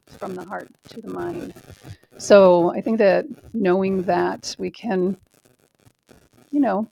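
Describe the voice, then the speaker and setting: A woman from the congregation sharing a calm, thoughtful reflection. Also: medium pitch, gravelly, poor audio.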